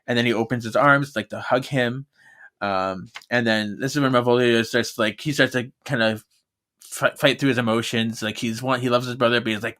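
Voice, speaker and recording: A podcast co-host recaps a book in easygoing chat with a bright, mid-pitched voice. He laughs often and jumps into quick voices for the characters as he retells scenes. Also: steady tone.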